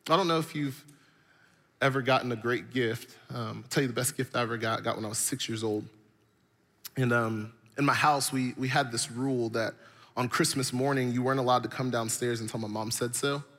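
A man's voice: medium pitch, fairly even intonation, brisk, fairly bright tone. A man preaching a sermon, telling stories with animation and building his points through repetition. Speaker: pastor.

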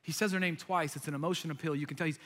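Animated, bright-voiced young preacher man. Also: on the high side, very fast. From United States. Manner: animated storytelling, acts out voices. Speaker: pastor. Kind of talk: sermon.

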